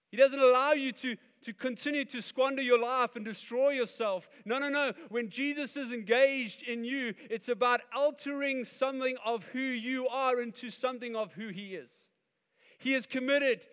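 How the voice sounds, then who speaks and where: A man preaching a sermon as pastor, animated and acting out the voices he quotes. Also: very high-pitched, clear, resonant tone. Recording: long hall reverb.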